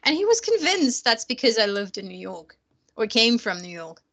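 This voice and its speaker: A woman's voice: on the high side, big pitch swings, moderate pace, gravelly, a bit bright. A woman from Germany, a native German speaker, telling stories in casual English chat with a slight German accent and frequent laughter. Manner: chatty storyteller, laughs often.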